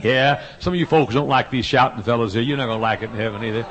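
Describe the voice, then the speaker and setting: A man's voice: mid-range voice, steady tone, fast, few pauses, fairly bright tone. A male pastor preaching a fervent revival sermon, folksy and humorous, building to impassioned pleading.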